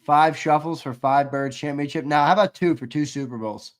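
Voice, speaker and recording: A man co-hosting a live sports stream, running a giveaway shuffle, reading viewer chat and shouting out winners, swearing casually. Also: fairly high pitch, fairly quick. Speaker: sports show co-host.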